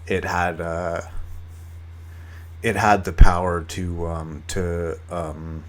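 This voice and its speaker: A man hosting a casual solo podcast, rambling with many fillers and restarts and swearing often. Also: deep voice. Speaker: podcast host.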